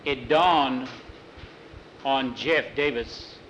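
A man telling a western tale in an unhurried, folksy way, correcting himself as he goes. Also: mid-range voice, fairly bright tone, lo-fi sound, slight background noise. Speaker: storyteller. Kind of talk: oral storytelling.

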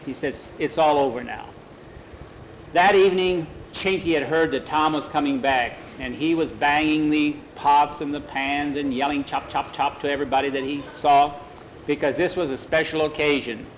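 A man's voice: fairly high pitch, fairly even intonation, moderate pace, slight background noise, low-quality recording. A man telling a folksy western story aloud, filling it with "he says" and "he said".

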